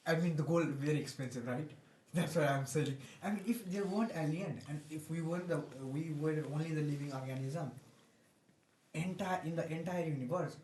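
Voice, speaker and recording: A man's voice: a little high, fairly quick, a little hiss or hum. A young man hosting a casual podcast chat with friends, talking animatedly and laughing often. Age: young adult. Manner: animated, laughs often, practicing a put-on accent. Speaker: podcast host. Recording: echoey room.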